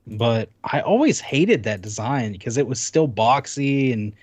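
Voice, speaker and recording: A man's voice: mid-range voice, animated, measured pace, darkish tone, no room sound. A man co-hosting a podcast in casual chat, rambling with many restarts. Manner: rambling, full of restarts while showing off a console. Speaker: podcast co-host.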